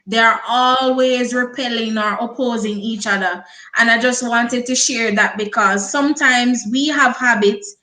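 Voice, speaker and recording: A woman's voice: on the high side, fairly bright tone. Reassuring woman in an echoey room. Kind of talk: reflective talk show sharing.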